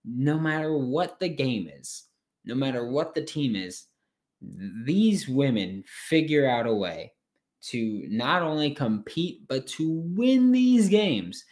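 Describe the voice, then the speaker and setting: Late at night on his sports podcast, a man talks slowly in a mid-range voice, casual yet animated and blunt, with the odd curse word.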